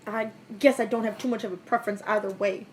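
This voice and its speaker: A woman voicing a shy, bookish teenage girl, reading game dialogue in a soft, hesitant way. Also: medium pitch, steady tone, quick pace, soft background music, lightly acted.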